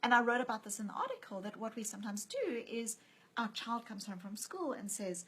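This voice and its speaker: A woman's voice: fairly high pitch, very animated, fairly quick, fairly bright tone, slightly rough, low-quality recording. A woman speaking as an author and guest in a conversational interview, telling stories and acting out the voices she quotes. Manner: storytelling, acts out quoted voices.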